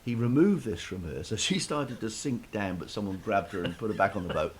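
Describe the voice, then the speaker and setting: A man's voice: on the low side, expressive, brisk, crowd noise. A man casually telling a self-deprecating story in a chat, with lots of restarts, over a faint hiss.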